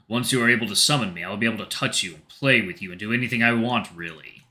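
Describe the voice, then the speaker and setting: A man voicing a smug, seductive male demon who speaks low, almost in a whisper, in a game reading. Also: sharp tone.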